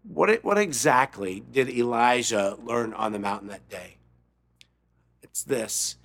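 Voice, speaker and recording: A man preaching a sermon, dropping to a near-whisper and then rising to an urgent raised voice, slowing and repeating key phrases. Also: medium pitch, sing-song, fairly bright tone. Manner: repeats words and restarts, stresses key phrases slowly. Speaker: pastor.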